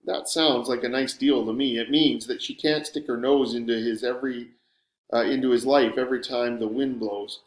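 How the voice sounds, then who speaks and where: A man narrating a first-person story with a sardonic, wry edge, at a middle pitch for a man. The recording has a clearly roomy echo around the voice. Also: steady tone, normal speed. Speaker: audiobook narrator.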